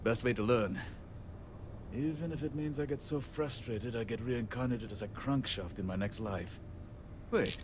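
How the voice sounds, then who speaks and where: A man's voice: mid-range voice, normal speed, background noise, close to an everyday voice. An actor playing a short-tempered, self-deprecating male handyman in a video game, speaking in a wry, joking way. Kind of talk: video game character dialogue.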